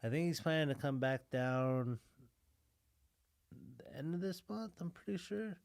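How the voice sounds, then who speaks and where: A man co-hosting a podcast in casual chat, relaxed and laid-back, swearing now and then. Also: a little high, unhurried, creaky, dry recording, studio quality. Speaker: podcast co-host.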